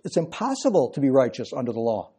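A man's voice: mid-range voice, wildly swooping pitch, fast talker, mellow, slightly rough. A man preaching an expository sermon and explaining verse by verse with emphatic stress. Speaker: pastor.

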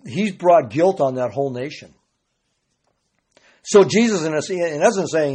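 A man's voice: fairly high pitch, animated, normal speed, a little mellow, husky. A man preaching a sermon, earnest and often rising to emphatic bursts, sometimes repeating words.

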